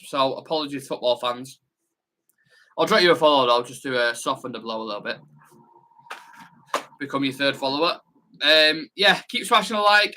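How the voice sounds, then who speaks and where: A young man, hosting a football watch-along live stream, chatting excitedly, reading comments aloud and swearing casually. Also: fairly high pitch.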